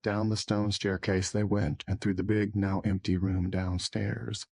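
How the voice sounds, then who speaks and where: A man narrating an audiobook in a steady, even manner on a close mic. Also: lowish voice, unhurried, vocal fry, breathy edge, no room sound.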